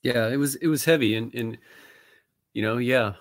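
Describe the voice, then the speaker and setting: A man talking casually on a podcast, soft and thoughtful, often trailing off into fillers. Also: medium pitch, moderate pace, long pauses, no room sound, clean studio sound. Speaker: podcast co-host. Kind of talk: casual conversational discussion.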